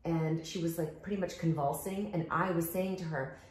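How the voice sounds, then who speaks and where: A woman hosting a casual chat while out walking, telling stories in an animated way and acting out the voices of the people in them. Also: on the low side, moderate pace, echoey room. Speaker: host. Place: outdoors walking.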